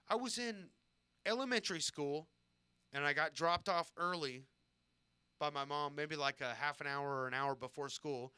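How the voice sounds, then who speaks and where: A man's voice: fairly high pitch, fairly quick, sharp tone, clear, resonant tone, dry recording. A man in his thirties, originally from Southern California, telling rambling, profane, self-deprecating stories on his live stream. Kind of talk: casual storytelling on a live stream.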